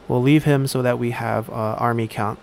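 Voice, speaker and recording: A man giving casual let's-play commentary while he plays a strategy game, thinking aloud and pausing often on fillers. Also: mid-range voice, steady tone, creaky, a little mellow, slight background noise. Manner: thinks aloud, halting with frequent "uh".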